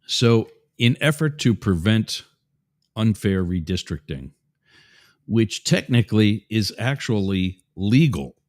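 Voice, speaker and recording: A man's voice: fairly low pitch, big pitch swings, slow, darkish tone. A man hosting a show, giving opinionated political commentary in a rambling, digressive way with asides to his listeners. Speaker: show host.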